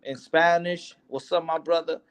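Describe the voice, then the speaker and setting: Young man, boxer, casual interview, heated, emphatic, profane, slightly high voice. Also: fairly even intonation, normal speed, clear, resonant tone.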